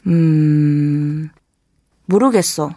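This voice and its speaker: A woman's voice: low-pitched, fairly quick, no room sound, studio quality, close to an everyday voice. A young woman playing an exasperated listener who is tired of a friend's bad jokes in a scripted lesson dialogue. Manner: flat, exasperated, dismissive.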